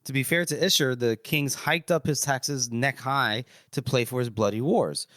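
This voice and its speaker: A man's voice: medium pitch, moderate pace, a bit bright, no room sound. Man with a dry, rambling story voice. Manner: loose, rambling retelling with crude swearing. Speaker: podcast co-host recapping chapters. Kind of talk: casual chat, retelling a story.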